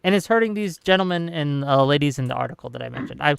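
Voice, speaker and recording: A man speaks on a video call in a casual online debate, blunt and rambling with fillers and swearing. His voice sounds smooth and clear, a touch higher than most men's. The sound is dry and close. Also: expressive, fast talker, dry recording. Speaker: debate guest.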